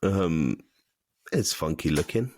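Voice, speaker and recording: A podcast co-host with a rumbling low voice chats casually, reading out plugs and notices with plenty of fillers. He sounds animated but speaks slowly, with a darkish tone.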